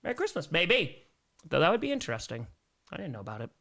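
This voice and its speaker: A young man hosting a live sports stream, reading out fan donations and messages with energetic, jokey cheering. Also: a little high, fast, creaky.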